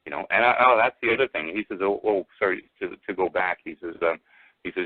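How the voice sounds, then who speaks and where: A man telling a rambling personal story over the phone, halting with many restarts and fillers. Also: deep voice, dry recording. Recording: tinny phone line, dry.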